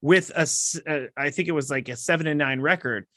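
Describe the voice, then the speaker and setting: A man with a fairly high voice talks through football in a relaxed, chatty way on a podcast. He explains his points at length. The sound is close and dry. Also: fairly quick, no echo. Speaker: podcast co-host leading the segment. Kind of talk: casual sports chat.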